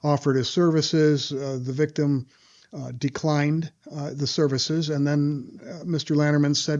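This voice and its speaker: A man recounts a story to an interviewer with mounting indignation, stopping often on small fillers. His voice sits a bit high for a man. The audio is slightly dull and lo-fi. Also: little pitch movement, fairly quick, a little mellow. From Wisconsin. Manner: indignant, retelling events with acted quotes and frequent "uh" fillers. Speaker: lawyer interviewed as guest.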